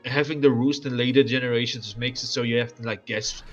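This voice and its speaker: Man co-hosting a game stream, casual, teasing, mid-pitched voice. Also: fairly even intonation, fairly quick, dull audio, faint music behind. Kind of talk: live gaming stream chat.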